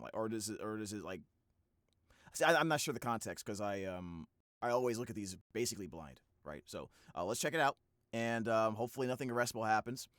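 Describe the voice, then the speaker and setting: A man's voice: mid-range voice, dry recording, clean studio sound. A man hosting a reaction video in casual, rambling talk full of fillers and restarts.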